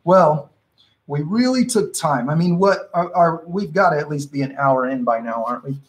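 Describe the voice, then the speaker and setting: A man's voice: on the high side, lively intonation, moderate pace, rough recording. A man teaching a live painting workshop, explaining his brushwork in a casual, encouraging way and often restarting his sentences as he thinks aloud. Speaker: painting instructor.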